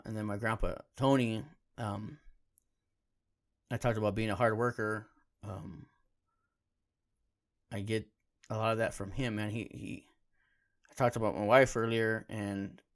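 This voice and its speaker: A man with a somewhat low voice hosts a podcast solo, telling stories in an easygoing, heartfelt way. His talk is loose and full of casual slang, and he turns quieter and softer when a subject touches him. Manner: laid-back, heartfelt, slangy with frequent "man" and "dude". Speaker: podcast host.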